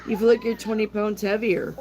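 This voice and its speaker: A woman's voice: medium pitch, flat delivery, a little fast, a little mellow, faint music behind. An older woman hosting a tarot livestream, chatting casually and affectionately, greeting viewers by name.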